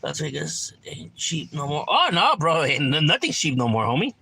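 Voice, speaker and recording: Laid-back man, lively voice. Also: on the high side, moderate pace, creaky, a little hiss or hum. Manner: laid-back, slangy, profane, keeps asking "right?". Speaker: livestreamer reading chat. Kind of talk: casual livestream chat. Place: at home.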